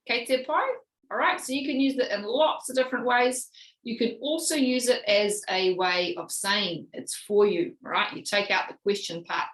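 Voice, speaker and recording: A woman with a New Zealand accent teaching a short spoken language lesson, upbeat and checking in with her viewers, saying each example phrase slowly and clearly. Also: medium pitch, a bit bright, reverberant, low-quality recording. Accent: New Zealand English. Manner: upbeat, checks in with "ka pai?" and "right?".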